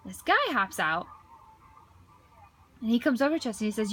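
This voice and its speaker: A woman voicing a deaf man's signed story aloud in first person, halting, with frequent restarts and repeated words. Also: fairly high pitch, animated, fairly bright tone, slightly rough. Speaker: voice-over interpreter for a deaf man.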